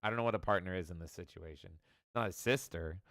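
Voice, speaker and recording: A man co-hosting a podcast in casual chat, with joking, expressive reactions. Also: low-pitched, fast talker, dry recording, clean studio sound. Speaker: podcast co-host.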